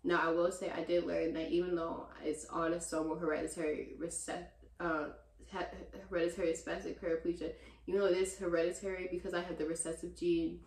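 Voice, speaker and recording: A young woman in her twenties chatting casually in a Q&A vlog, talking to her viewers as "y'all" and getting loud and animated when she vents. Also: on the low side, a little fast. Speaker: vlogger answering viewer questions. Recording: roomy echo.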